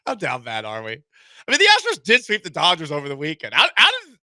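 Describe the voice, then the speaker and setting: A man hosting sports talk radio from a studio, joking and animated, restarting his sentences often. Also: a little high, brisk, dry recording.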